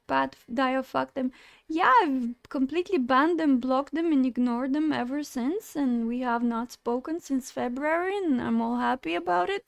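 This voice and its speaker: A woman's voice: sits high, gravelly, no echo, studio quality. A woman streaming live, chatting casually and animatedly with her chat, often getting indignant and laughing.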